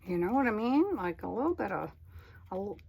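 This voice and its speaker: A woman's voice: medium pitch, sing-song, brisk, creaky, darkish tone, husky. A woman vlogging as she crafts, chatting casually in a rambling way and questioning herself aloud. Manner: drops to a whisper at times. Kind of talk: casual chat while crafting.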